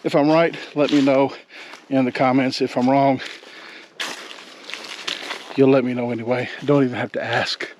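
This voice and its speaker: A man's voice: mid-range voice, little pitch movement, normal speed, pauses often, noisy background. A man, out of breath while hiking a forest trail, talking to his vlog camera in a rambling, folksy way. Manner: rambling, self-correcting, folksy. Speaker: outdoor vlogger. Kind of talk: casual hiking vlog talk.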